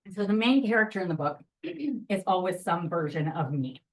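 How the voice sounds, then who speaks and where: A woman narrator talks to a room about her craft in a lively, chatty way, her voice sitting a little low. She is picked up from a distance, so the sound is somewhat removed. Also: normal speed. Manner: lively, chatty, jumps into voice demos. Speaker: audiobook narrator. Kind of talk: presentation to an audience.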